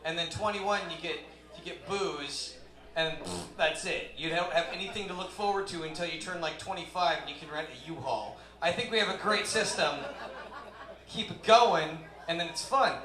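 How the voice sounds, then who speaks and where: A man's voice: fairly high pitch, moderate pace, a crowd in the background. A man doing a rambling, self-deprecating stand-up set on a live comedy club stage. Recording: roomy live club sound.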